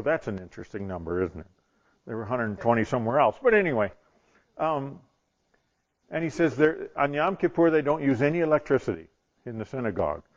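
A male preacher telling a story from the pulpit in an animated way, slipping into the voices of the people in it. His pitch sits in a middle range, and the recording has a dull, lo-fi sound. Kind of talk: sermon storytelling.

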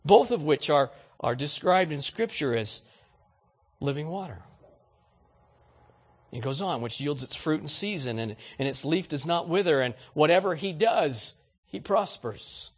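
Animated preacher with a husky voice. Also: male voice, high-pitched. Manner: animated preaching, rhetorical questions to the congregation. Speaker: pastor. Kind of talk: sermon.

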